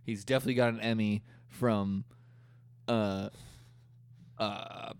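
A man's voice: fairly low pitch, fairly even intonation, slow pace, creaky, darkish tone, clear, resonant tone, no room sound, studio quality. A young man co-hosting a podcast, rambling and swearing through casual chat. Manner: crude, rambling, profane. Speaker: podcast co-host.

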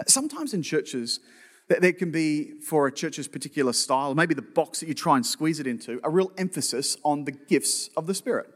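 A male pastor preaches a sermon conversationally in a church auditorium, often restarting with repeated words and tossing in joking asides. His voice is fairly high, expressive, and brisk, carrying the long reverb of a church hall.

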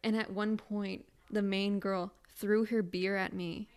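A woman's voice: mid-range voice, level tone, unhurried, darkish tone, clear, resonant tone. A young woman in her twenties, co-hosting a podcast and telling a story in casual, profane chat. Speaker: podcast co-host.

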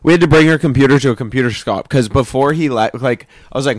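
A man's voice: medium pitch, fast, hardly any pauses, dry recording, clean studio sound. A man co-hosting a podcast, telling stories in casual chat, swearing freely and acting out the voices of the people in them. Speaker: podcast co-host.

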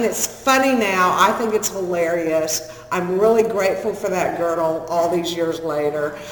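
A woman's voice: sits low, a little hiss or hum. Texan-accented woman in her sixties, echoey hall. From Northern California. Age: 60s. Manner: candid, self-deprecating, humorous storyteller. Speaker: speaker sharing her recovery story. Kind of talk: personal storytelling to an audience. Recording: echoey hall with long reverb.

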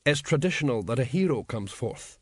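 A man voicing an indignant assassin guild leader who grumbles slowly. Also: medium pitch, animated, breathy edge, dry recording, studio quality. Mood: grumbling. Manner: slow and grumbling.

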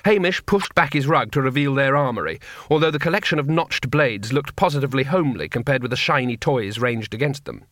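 Male storyteller, expressive, rising and falling tone, slightly higher voice, dry close sound. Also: fairly quick, no room sound. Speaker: audiobook narrator. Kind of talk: scripted narration.

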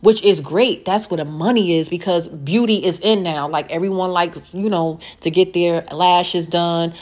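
A woman's voice: on the low side, moderate pace, a little mellow. A woman telling a casual storytime monologue in a chatty, emphatic way, repeating phrases to drive her points home. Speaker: vlogger telling a work story.

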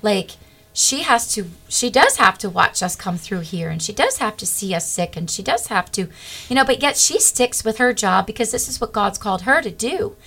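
A middle-aged woman, a guest, telling a personal faith testimony in an earnest, animated way. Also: mid-range voice, moderate pace, husky.

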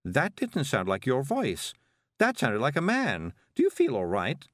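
A man's voice: medium pitch, wildly swooping pitch, measured pace, fairly bright tone, dry recording, studio quality, voice pushed up. A man reading aloud, voicing a fussy, kindly, busy middle-aged woman witch. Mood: concerned.

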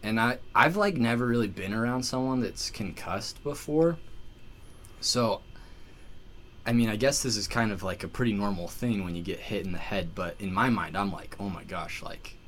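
A man's voice: lowish voice, moderate pace, slight background noise. A man telling a story in casual chat, full of "like"s and restarts. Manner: animated, filler-heavy storytelling with many "like"s. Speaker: podcast guest telling a story.

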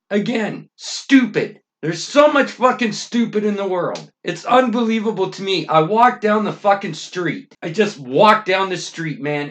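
A middle-aged Canadian man hosting a podcast delivers an angry, profane rant, swearing constantly and erupting in emphatic outbursts. His voice is high and a bit bright.

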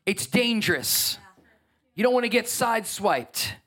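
Man, pastor, sermon, high voice, emphatic, conversational preaching. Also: big pitch swings, unhurried. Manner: emphatic, conversational preaching with swings from soft to loud.

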